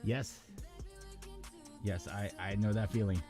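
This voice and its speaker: A man's voice: on the low side, fairly even intonation, slow, mellow, soft background music. A man hosting a live build stream, chatting casually and rambling, often breaking off mid-sentence and swearing now and then. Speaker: live-stream host building model kits.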